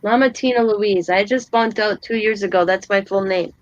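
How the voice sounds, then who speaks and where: A woman in her forties hosting a casual craft chat, telling stories in a chatty, animated way. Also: mid-range voice, moderate pace, no echo, highs cut off. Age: 40s. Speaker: host.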